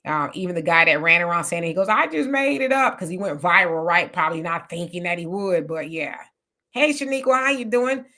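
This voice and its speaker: A woman hosting a casual live stream, reading viewer comments aloud and reacting with chatty, animated remarks. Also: lowish voice, fairly quick.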